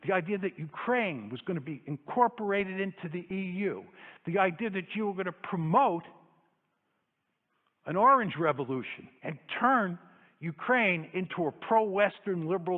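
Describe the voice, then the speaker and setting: Emphatic man lecturing in an echoey hall. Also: sits high. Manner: emphatic and argumentative, hammering points through repetition. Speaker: lecturer addressing an audience. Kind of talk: public lecture. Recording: echoey hall over a tinny phone-like line.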